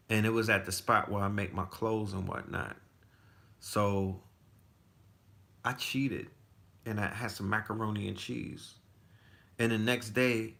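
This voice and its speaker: A man's voice: fairly low pitch, vocal fry, fairly bright tone. A man in his forties telling stories in a loose, profane casual chat, full of restarts. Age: 40s. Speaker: podcast guest. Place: Texas.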